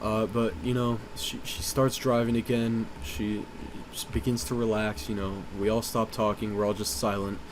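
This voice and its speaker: A man's voice: lowish voice, flat delivery, moderate pace, few pauses, background noise. Rambling, swearing storytime guy. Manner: rambling, profane, lots of "uh" and "you know". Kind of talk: casual storytime monologue.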